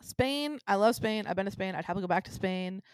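A woman's voice: mid-range voice, lively intonation, fast talker, dry recording, studio quality. A woman co-hosting a podcast in casual chat, rambling along with lots of ums and frequent laughs. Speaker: podcast co-host.

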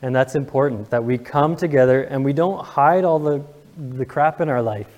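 A man's voice: mid-range voice, normal speed, darkish tone, big-room sound, lo-fi sound. A young man preaching a sermon to his congregation, earnest and emotional, asking the room questions. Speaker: pastor. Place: church sanctuary.

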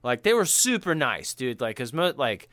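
A man's voice: medium pitch, big pitch swings, normal speed, fairly bright tone, no room sound. A man co-hosting a podcast in casual, slangy, profane chat. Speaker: podcast co-host.

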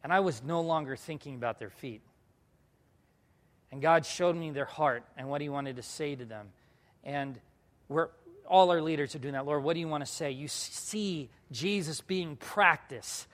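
High-voiced man preaching in a reverberant hall. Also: unhurried. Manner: animated storyteller, swinging between loud bursts and hushed asides. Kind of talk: sermon testimony to a congregation.

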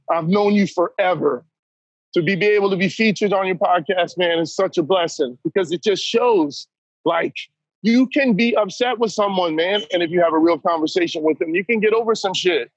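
A man's voice: sits high, normal speed, slightly rough, dry recording, highs cut off. A man talking as a podcast guest, blunt and emphatic, who keeps saying "man" as he talks. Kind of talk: candid conversation.

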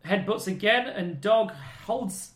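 A man's voice: high-pitched, animated, takes it slowly, a bit bright. Sarcastic man in an echoey room. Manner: dry, sarcastic, laughing often. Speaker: podcast co-host. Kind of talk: casual recap chat.

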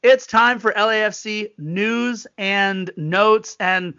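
Male podcast co-host, high bright voice, chatty storyteller, dry lo-fi sound. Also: takes it slowly, clean tone, no room sound. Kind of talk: casual sports podcast chat.

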